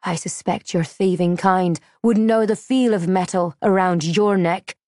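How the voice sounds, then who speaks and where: A woman's voice: on the low side, steady tone, a little slow, a little mellow, dry recording, studio quality, lightly acted. A woman voicing a defiant young female captive who answers back sharply. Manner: defiant, biting.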